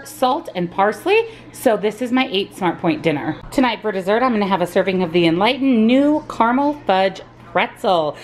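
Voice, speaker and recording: A woman narrating a casual daily vlog to her camera, upbeat and chatty, filming from her car and her office. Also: mid-range voice. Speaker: vlogger. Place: car in a parking lot and an office.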